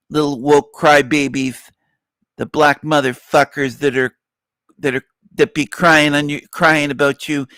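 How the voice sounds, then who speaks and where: A man putting on a brash, profane boxer who talks in rough, halting street slang, pitched a bit higher than an ordinary man's voice. The sound is bone-dry and close to the mic, like a comic impression on a call-in show. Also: a bit bright, dry recording.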